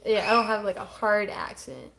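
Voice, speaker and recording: A woman's voice: medium pitch, animated, normal speed, vocal fry, a bit bright, reverberant, poor audio. Woman with faint Southern accent. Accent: faint Southern American. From southern United States. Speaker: co-host reading viewer comments. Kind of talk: casual livestream chat.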